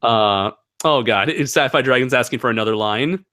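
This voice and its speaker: A young man reads viewer questions on his livestream in a bright, forceful voice. He rambles, laughs and fills gaps with "uh, let's see". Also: mid-range voice, moderate pace. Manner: rambling, laughs often, many fillers. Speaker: channel host. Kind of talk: casual livestream Q&A chat.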